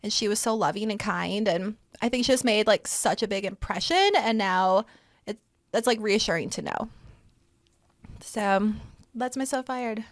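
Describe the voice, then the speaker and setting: A woman's voice: mid-range voice, normal speed, no echo, studio quality. A young woman co-hosting a podcast, talking in a casual, chatty way and filling her sentences with "like". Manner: chatty, heavy use of "like". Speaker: podcast co-host. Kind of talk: casual chat.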